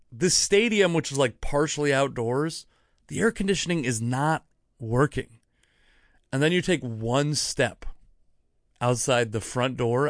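A man's voice: mid-range voice, no echo. A young man talks straight into a close mic in a dry, dead room, winding through a story in casual podcast chat. He swears freely and keeps breaking off to chase side thoughts before he comes back to the point. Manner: rambling, profane, self-interrupting anecdotes. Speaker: podcast host.

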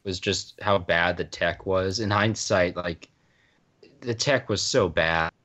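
A man's voice: deep voice, slow pace, sharp tone. A man co-hosting a podcast, chatting in a casual, sardonic way. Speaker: podcast co-host. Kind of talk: casual chat.

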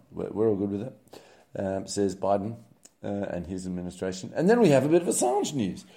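A man's voice: lowish voice, dark tone. A man casually running through the week's news headlines, wry and sarcastic, with many ums and uhs. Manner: wry, sarcastic, filler-heavy rambling. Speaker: news commentary host. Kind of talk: casual spoken news roundup.

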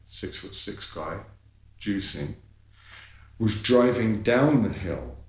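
A man, a guest telling a personal story in conversation, animated and candid, his voice climbing in the tense parts, with fillers and swearing. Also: fairly low pitch, slow, echoey room, poor audio. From London, England.

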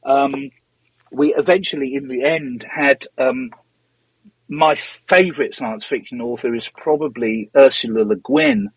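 A middle-aged man with a husky, slightly breathy voice tells stories as an interview guest. His talk drifts from one tangent to the next, full of ums and false starts. The sound is dry and close, with no room echo. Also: medium pitch, big pitch swings, unhurried. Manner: rambling and digressive, with frequent ums and restarts. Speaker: interview guest, former magazine editor. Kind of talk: casual anecdotal storytelling.

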